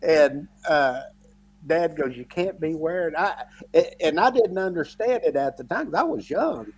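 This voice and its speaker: A man's voice: a little high, animated, a little slow, husky. A man telling stories in casual chat on a football podcast, laughing often as he talks. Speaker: podcast co-host.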